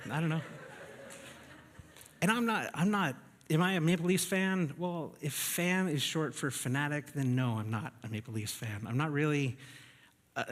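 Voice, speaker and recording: A man's voice: a little high, a bit bright. A man preaching a sermon from Canada, talking in a conversational, self-deprecating storytelling way with easy laughs. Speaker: pastor. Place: church sanctuary. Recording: long reverb of a church hall.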